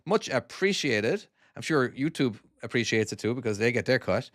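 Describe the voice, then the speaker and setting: A man with a Cork Irish accent softened by years in America, chatting casually with viewers and thanking them while he plays a trucking game on a live stream. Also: mid-range voice, lively intonation, normal speed, no echo, clean studio sound. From Ireland.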